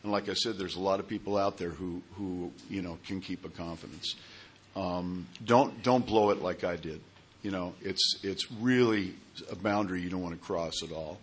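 A man telling his own recovery story to a group, in a halting way with repeated words and many fillers. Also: low voice, slightly rough. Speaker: speaker sharing at a recovery meeting.

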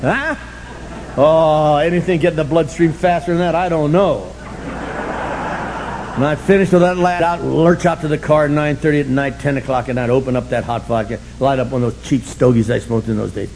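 An older man sharing his story at a recovery meeting, sardonic and humorous, breaking into shouts. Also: on the high side, brisk, noisy background. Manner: animated, sardonic, bursts into shouting.

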